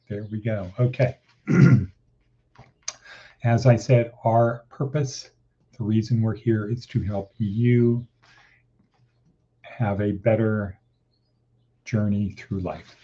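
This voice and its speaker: Slow, husky-voiced man hosting a podcast. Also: medium pitch, lo-fi sound. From Nevada. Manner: rambling, repeats phrases for emphasis. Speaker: podcast host. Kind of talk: casual morning podcast monologue.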